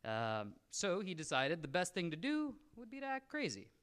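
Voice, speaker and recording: A man's voice: sits high, huge pitch swings, normal speed, a bit bright, clean tone. A young man telling stories casually to a live convention audience, with jokey, slangy, self-mocking asides. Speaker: convention presenter. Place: convention room, in front of an audience.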